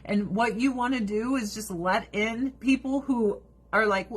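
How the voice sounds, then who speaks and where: A woman's voice: a little high, measured pace, slightly rough. A woman chatting casually to camera in a blunt, profane way. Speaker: vlogger. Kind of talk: casual chat.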